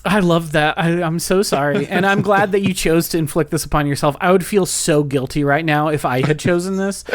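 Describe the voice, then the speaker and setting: A man's voice: a little high, brisk, hardly any pauses. Playful, teasing male podcast co-host. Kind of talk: casual film review chat.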